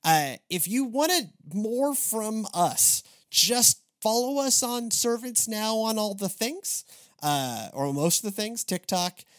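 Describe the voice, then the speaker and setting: A man hosting a church podcast in casual chat, rambling with restarts and animated asides. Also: high voice, takes it slowly. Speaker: podcast host.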